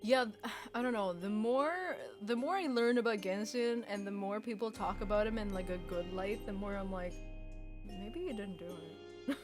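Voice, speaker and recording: A woman's voice: mid-range voice, normal speed, few pauses, over music. A woman chatting casually on a game stream, rambling and hesitant, with lots of giggling and filler. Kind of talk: casual gaming stream chat.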